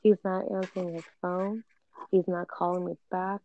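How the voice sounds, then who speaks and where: A young woman casually telling a personal story, animated and full of filler words. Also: lowish voice, moderate pace. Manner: animated, frequent "like" fillers, acts out quoted dialogue. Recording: dull lo-fi recording.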